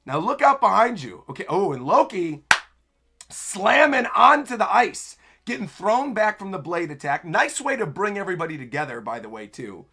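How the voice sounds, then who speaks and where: A young man reacting live to a manga chapter, narrating the panels and breaking into excited exclamations. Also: high voice, moderate pace, husky. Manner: narrates panels while reading aloud. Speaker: anime streamer.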